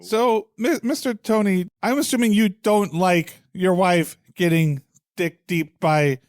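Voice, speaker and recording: A man playing a tabletop game, animated and teasing toward the game master. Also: sits high, unhurried, dry recording, studio quality. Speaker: player. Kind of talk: casual tabletop play.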